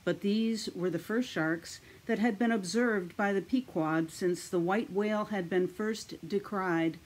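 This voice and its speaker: A woman narrating a novel at an unhurried, slow pace and a middling pitch. She reads each phrase carefully and deliberately. It sounds like a plain audiobook recording. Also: darkish tone, poor audio.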